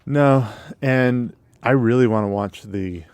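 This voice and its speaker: A man's voice: medium pitch, slow, darkish tone, clean tone, no echo. A man co-hosting a casual movie podcast, easygoing and a bit hesitant, with fillers as he talks. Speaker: podcast co-host. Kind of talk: casual chat.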